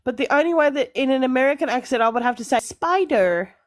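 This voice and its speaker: A woman's voice: high voice, very fast. An Australian woman chatting casually on a live stream, playful and teasing, laughing often.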